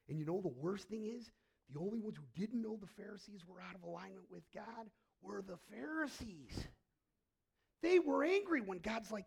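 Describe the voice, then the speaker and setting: Animated husky-voiced male pastor preaching. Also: high-pitched, normal speed. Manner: swings from hushed to loud and animated, acts out quoted voices. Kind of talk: sermon.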